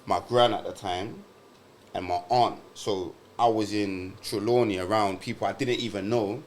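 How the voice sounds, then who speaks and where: A man's voice: lowish voice, normal speed, slight background noise. A young British man on a podcast, chatting casually and animatedly with London slang. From Britain. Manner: animated, uses London slang like innit and bruv. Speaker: podcast co-host. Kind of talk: casual chat.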